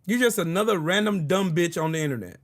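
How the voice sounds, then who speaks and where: A man with a high-sitting, expressive voice talks fast while hosting his own political commentary video. He rants angrily and profanely, dripping with sarcasm and repeating short phrases for emphasis.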